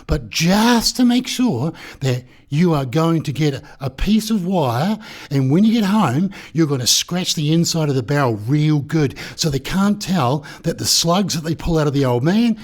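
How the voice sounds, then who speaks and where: A man's voice: fairly high pitch, animated. A man voicing a smug, scheming young man in comic crime storytelling, explaining his plan in a condescending way. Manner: condescending, explaining slowly, snapping into a yell.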